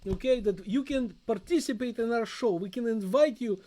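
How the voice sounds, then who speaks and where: A man's voice: very high-pitched, moderate pace, warm tone. A middle-aged man with a Russian accent, a native Russian speaker, co-hosting a live chat show from a home basement in a jokey, playful way. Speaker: co-host, father.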